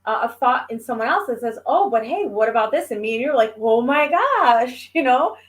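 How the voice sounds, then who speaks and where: A woman's voice: a little high, big pitch swings, moderate pace. A woman chatting casually as a guest, telling stories animatedly and acting out the voices of the people she quotes. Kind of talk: casual chat.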